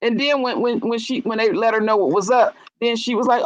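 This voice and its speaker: A woman telling stories in casual chat, with swooping pitch whenever she acts out what someone said. Her speech is blunt and salty, and the sound is dry and close with no room around it. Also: fairly quick, few pauses, dry recording, muffled recording. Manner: animated storyteller, acts out quotes with big jumps in pitch; blunt and profane.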